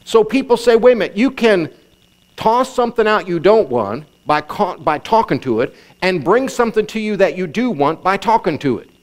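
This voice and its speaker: A middle-aged man preaches a sermon with a somewhat high voice. He reads scripture aloud, then hammers each point home by repeating short phrases. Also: big pitch swings, normal speed. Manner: emphatic preaching with repetition and scripture reading. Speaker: pastor.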